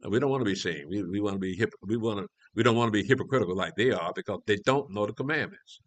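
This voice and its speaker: A man's voice: on the low side, quick pace, no echo. A man teaching a scripture class in a conversational way, reading verses and asking rhetorical questions. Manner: conversational, restarts often, asks rhetorical questions. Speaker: elder teaching a prophecy class.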